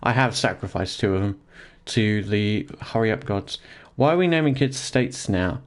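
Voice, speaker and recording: A man's voice: on the low side, expressive, moderate pace, few pauses. Joking man streaming from his office. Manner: joking, rambling, laughs often, talks to chat. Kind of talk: casual live-stream chat while gaming. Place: home office.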